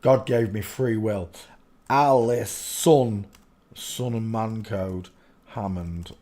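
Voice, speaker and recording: A man running a livestream from a room in his home speaks slowly at a fairly low pitch, wandering loosely from thought to thought. Plain talk gives way now and then to abrupt, loud outbursts.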